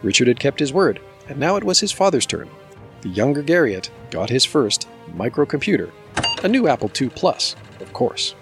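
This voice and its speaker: A man reading a nonfiction book aloud as podcast host, in steady, measured scripted narration. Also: medium pitch, over music.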